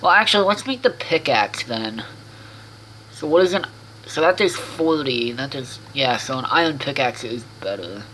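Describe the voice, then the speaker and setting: Bright-voiced man narrating his gameplay. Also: medium pitch, animated, normal speed, slight background noise, low-quality recording. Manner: rambling self-talk with frequent restarts and swearing. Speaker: gaming video host. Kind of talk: casual let's-play commentary.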